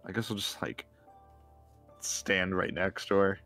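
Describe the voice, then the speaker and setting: Laid-back male player, low voice. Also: fairly even intonation, a little slow, bright, forceful tone, soft background music. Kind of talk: casual tabletop play.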